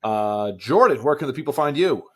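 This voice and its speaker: A man's voice: mid-range voice, expressive, a little fast. A young adult man co-hosting a podcast in casual chat, laid-back with short reactions. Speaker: podcast co-host and streamer.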